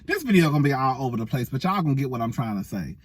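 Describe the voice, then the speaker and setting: A man's voice: mid-range voice, sing-song, racing, breathy edge, dry recording. A man giving sassy, chatty reality-TV gossip commentary, addressing viewers as girl and y'all and laughing often. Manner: laughs often while talking. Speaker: celebrity gossip vlogger.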